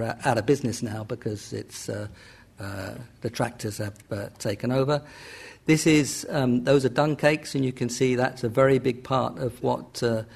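An older man lecturing on economics to a hall, his voice gravelly and a little husky. He talks in a loose, rambling way, stopping for fillers and correcting himself as he goes through his slides. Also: mid-range voice, darkish tone. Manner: rambling, hesitant, with many fillers and self-corrections.

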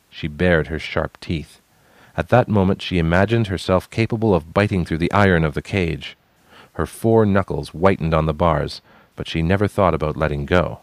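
A man narrating a fantasy story in a measured storytelling manner. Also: sits low, no room sound.

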